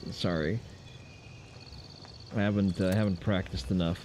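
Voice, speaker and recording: A man's voice: deep voice, fairly even intonation, measured pace, a little mellow, slight background noise. A man giving loose, profane gameplay commentary on a stream, with wry asides to his chat. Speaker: game streamer.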